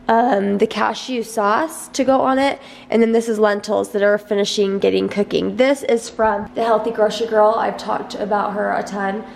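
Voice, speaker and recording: A woman's voice: medium pitch, vocal fry, reverberant, rough recording. A young woman vlogging from her home kitchen, rambling in a casual chat full of "like". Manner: rambling, heavy use of "like". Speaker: vlogger and mother. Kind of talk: casual vlog talk to camera. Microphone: handheld vlog camera.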